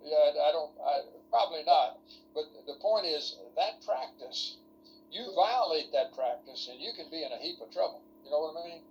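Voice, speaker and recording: A man's voice: on the high side, expressive, moderate pace, creaky, a little mellow, highs cut off, a little hiss or hum. A man lecturing ministry students in an online workshop over a video call, folksy and rambling, full of rhetorical questions.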